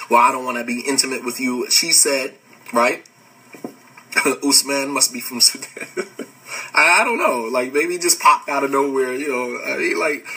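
A man, hosting a podcast and giving a casual religious lecture, animated and laughing often as he answers comments. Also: medium pitch, slightly rough, distant mic, rough recording.

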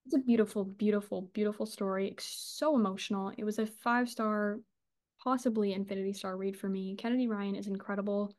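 A woman's voice: medium pitch, fairly even intonation, brisk, darkish tone. A woman co-hosting a casual book podcast, gushing and chatty, swearing and laughing as she talks. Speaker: podcast co-host.

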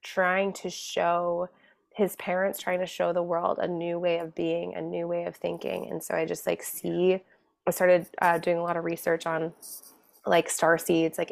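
A woman's voice: fairly low pitch, creaky. A woman in her thirties, a guest on a podcast, telling stories in a chatty way with lots of "like" fillers. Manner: chatty, frequent "like" fillers, laughs through stories. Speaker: guest, mindset coach. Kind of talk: casual podcast conversation.

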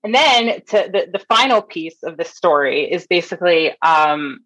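A woman in her thirties from Toronto, a nurse telling a lively story as a guest in a casual interview, acting out the people she quotes. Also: fairly low pitch, moderate pace, rough recording. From Toronto, Canada. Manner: animated storyteller, acts out quotes.

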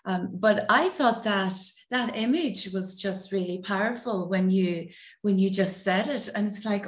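A woman's voice: mid-range voice, unhurried, echoey room. A woman co-hosting a podcast, chatting casually and affirming her guest, often restarting her sentences. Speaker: podcast co-host. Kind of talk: casual conversation.

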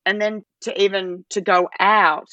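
A woman, a podcast guest, chatting casually and telling animated stories, jumping into a much higher voice when she quotes herself. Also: measured pace, no room sound, highs cut off. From Australia. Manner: animated storytelling, acts out her own quoted lines in a much higher voice. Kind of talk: casual interview chat.

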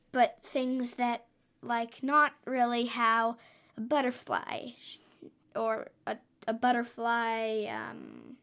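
A woman with a fairly high voice tells a story at an unhurried pace. She rambles, stops mid-thought and corrects herself as she goes, in a loose, unscripted way. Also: fairly bright tone. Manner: hesitant, trails off and corrects herself often. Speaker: podcast storyteller.

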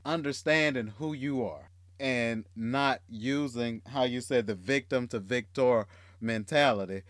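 A man's voice: mid-range voice, a little slow, fairly bright tone, no room sound, clean studio sound. Enthusiastic male podcast host. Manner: enthusiastic, affirming, repeats guest's points. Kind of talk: casual podcast chat.

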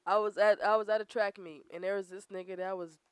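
A woman's voice: medium pitch, fairly even intonation, fast talker, clear, resonant tone, no echo. A young woman tells blunt, profane stories in casual chat, laughing along the way. Her voice is recorded dry and close.

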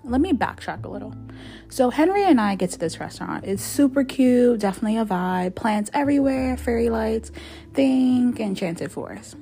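A woman's voice: fairly high pitch, animated, moderate pace, gravelly, mellow, soft background music. A woman narrating a fictional journal in a chatty, sassy, confiding way. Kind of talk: dramatic reading of a fictional journal.

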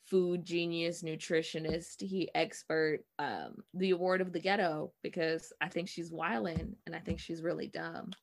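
A woman's voice: fairly low pitch, fairly bright tone. A woman co-hosting a podcast, retelling a story in a blunt, sarcastic way. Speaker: podcast co-host. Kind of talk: casual podcast chat.

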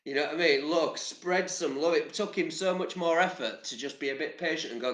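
A man's voice: on the high side, brisk, hardly any pauses, a bit bright, roomy sound. An English man giving casual motivational talk to camera, chatty and rambling, with casual swearing. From England. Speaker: vlogger.

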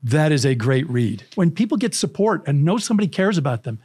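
A middle-aged man spinning animated anecdotes as a podcast guest. His voice sits a little higher than most men's, and he jumps into quoted lines and breaks into frequent laughs. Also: fairly quick, breathy edge. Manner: lively, acts out quotes, laughs often. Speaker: storytelling coach, podcast guest.

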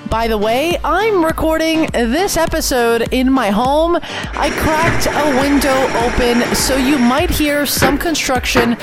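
Loud music plays behind a high-pitched, slow-speaking young Canadian woman doing solo podcast talk in a home room with the window open. As host, she reflects earnestly and repeats phrases for emphasis.

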